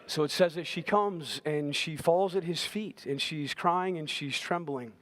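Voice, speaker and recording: A man preaching a sermon emphatically, repeating phrases and swelling to loud, intense passages. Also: on the high side, measured pace, few pauses. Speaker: pastor.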